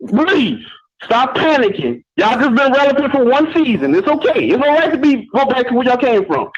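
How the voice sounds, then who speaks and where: A man's voice: very high-pitched, big pitch swings, fairly quick, slightly rough. A male caller on a call-in show, teasing and laid-back in casual chat, often saying "you know what I'm saying". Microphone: phone. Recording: muffled phone line.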